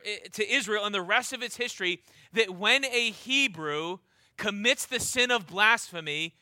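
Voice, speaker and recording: A man's voice: high voice, bright, forceful tone, no room sound. A man preaching a sermon. He reads scripture aloud and drags out the key words for emphasis.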